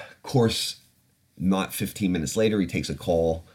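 Very deep-voiced man telling a story. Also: a little slow, slightly rough. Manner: candid and profane, reflecting aloud. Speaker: podcast host. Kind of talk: casual storytelling.

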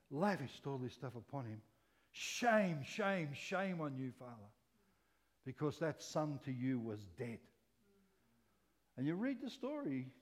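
A man preaching a sermon in an animated way, moving between loud exclamations and quiet, soft asides. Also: on the high side. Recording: long hall reverb.

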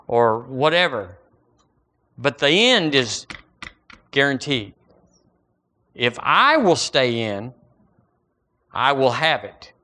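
A man with a mid-range voice preaches a sermon in a folksy, animated style, packing it with everyday analogies.

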